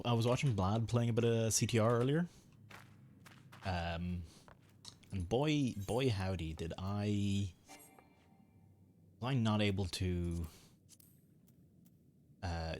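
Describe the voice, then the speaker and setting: A man's voice: lowish voice, takes it slowly, long pauses, a little mellow, slight background noise. A man streaming a game, chatting casually in a rambling, chuckly way. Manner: rambling, chuckly, with restarts and mild swearing. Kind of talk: casual gaming stream chat.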